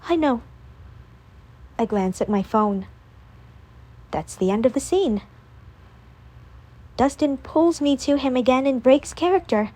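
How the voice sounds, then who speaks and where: A woman narrating a first-person audiobook in a calm, measured reading voice. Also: sits high.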